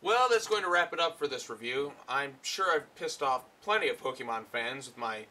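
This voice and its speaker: A man's voice: mid-range voice, animated, normal speed. A man ranting through a comedic film review, profane and exasperated. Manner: profane, exasperated, shouting outbursts.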